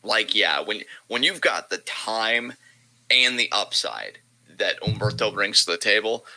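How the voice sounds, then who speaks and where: A man's voice: fairly low pitch, big pitch swings, measured pace, sharp tone, poor audio. A man co-hosting a wrestling podcast in casual chat, emphatic and profane, repeating phrases for punch.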